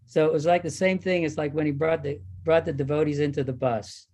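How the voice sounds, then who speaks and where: A man's voice: fairly high pitch, fairly even intonation, brisk, darkish tone. An older man telling a story at a reunion gathering, animating the exchanges he recalls. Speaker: devotee recalling service. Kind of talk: anecdotal talk at a reunion.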